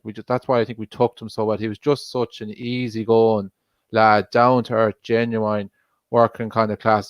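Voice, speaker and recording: A man co-hosting a football watch-along, talking in a relaxed, reflective way and saying "like" often. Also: lowish voice, dry recording. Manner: relaxed, reflective, says "like" a lot. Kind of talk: casual chat.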